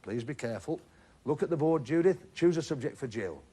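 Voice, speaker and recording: A man's voice: a little high, animated, brisk, warm tone. A man hosting a TV game show, chatting and joking with contestants in a studio. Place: TV studio with a live audience.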